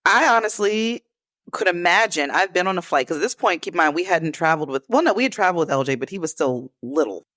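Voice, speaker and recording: A woman's voice: fairly low pitch, lively intonation, quick pace, fairly bright tone, no echo. Empathetic woman co-host, dry sound. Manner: empathetic, reflective. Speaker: podcast co-host. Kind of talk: casual conversation.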